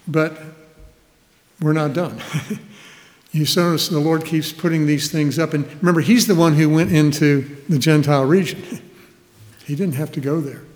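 A man's voice: fairly high pitch, unhurried, pauses often, a little mellow. A man preaching a sermon, reading scripture verses aloud and explaining them with an easy, chuckling manner. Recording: hall reverb.

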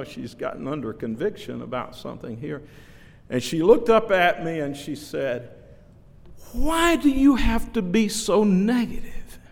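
A man's voice: mid-range voice, gravelly. A male pastor preaching an expository sermon, earnest and dramatic, who acts out the dialogue of scripture. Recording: long reverb of a large hall.

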